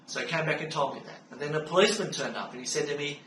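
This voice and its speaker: A middle-aged Australian man calmly recounting a personal story in an unhurried way, with frequent fillers. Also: fairly high pitch. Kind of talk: personal spoken testimony. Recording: roomy sound from a distance with faint background hum.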